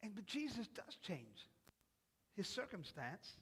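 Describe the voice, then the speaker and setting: A man preaching a sermon in a church, acting out imagined voices and rising into loud, emphatic passages. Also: high-pitched, very animated, unhurried, breathy edge. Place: church sanctuary. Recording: long hall reverb.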